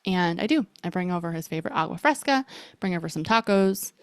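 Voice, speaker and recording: A woman's voice: on the low side, lively intonation, fairly quick, no room sound. A woman hosting a podcast, telling a personal story in a casual, rambling way full of fillers. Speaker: podcast host.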